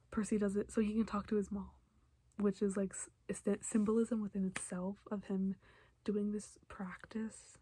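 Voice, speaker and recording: Breathy young woman chatting emotionally. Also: medium pitch. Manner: chatty, emotional, often drops to a soft hushed voice. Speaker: reaction vlogger. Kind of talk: casual recap and reaction.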